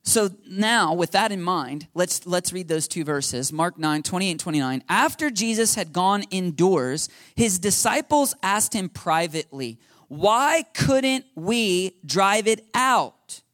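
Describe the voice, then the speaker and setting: A man's voice: high-pitched, lively intonation, a little slow, few pauses, fairly bright tone, no echo, studio quality. A man preaching a sermon in a conversational teaching style, often checking in with his listeners. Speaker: pastor. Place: church.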